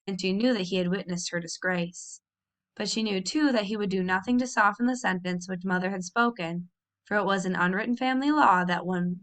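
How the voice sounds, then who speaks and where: A woman reading a children's novel aloud in an expressive, animated way, with a few small slips. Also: medium pitch. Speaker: audiobook reader.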